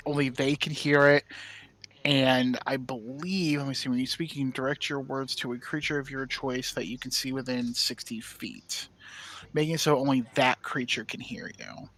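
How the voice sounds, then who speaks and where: A man's voice: medium pitch, fairly bright tone. A man playing a tabletop game, explaining his character's actions chattily and thinking aloud. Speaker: player. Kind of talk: casual tabletop game talk.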